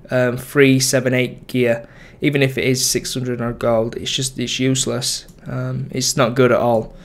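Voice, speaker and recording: A young man giving casual, rambling commentary over his game, full of ums and self-corrections. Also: mid-range voice. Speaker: gaming YouTuber.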